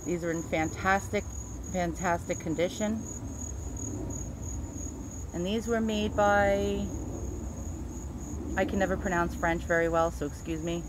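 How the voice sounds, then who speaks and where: A middle-aged woman with a Queens, New York accent talks a little slowly and pauses often as she casually presents antiques, sometimes getting names wrong. Her fairly low voice keeps an even intonation, and there's background noise.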